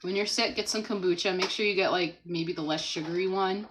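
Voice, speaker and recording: A woman hosting a casual livestream from home, chatting, laughing often and reading viewer comments aloud, and talking gently to a small child beside her. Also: on the low side, fairly even intonation, fairly quick, slight background noise, rough recording. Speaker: livestream host.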